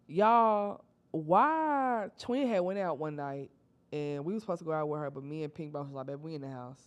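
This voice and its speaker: A young woman telling a casual storytime, slangy and animated, acting out her friends' lines. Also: deep voice, normal speed. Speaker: storytime vlogger.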